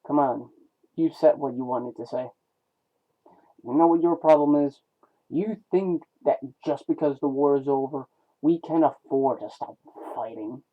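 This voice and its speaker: A defensive, earnest male robot argues with an old comrade about his past, as a man reads him aloud. He speaks slowly in a slightly high voice. The sound is narrow and phone-like.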